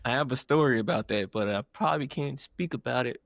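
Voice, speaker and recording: A man co-hosting a casual podcast, reacting with expressive disbelief. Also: medium pitch, fast, creaky, dry recording, clean studio sound. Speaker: podcast co-host.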